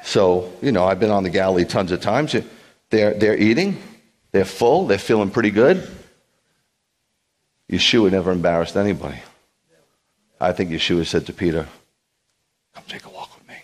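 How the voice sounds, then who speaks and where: A man with a lowish voice delivers a sermon as a rabbi, animated and quick with wry asides. His voice carries a long reverberant tail from a large congregation hall. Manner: animated, joking asides, acts out quotes.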